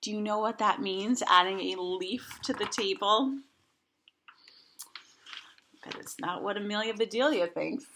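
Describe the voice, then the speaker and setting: A woman reading a picture book aloud to children, gently, with quiet asides to young listeners and occasional whispers. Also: mid-range voice, unhurried, pauses often, slight background noise. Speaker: storyteller. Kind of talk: children's read-aloud narration.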